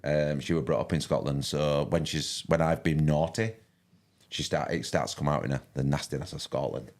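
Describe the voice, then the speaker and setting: A man's voice: rumbling low, steady tone, moderate pace, a little mellow. An older man with a broad Yorkshire accent, chatting casually as a fishing commentator on a live stream, rambling with many restarts and fillers. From West Yorkshire, England.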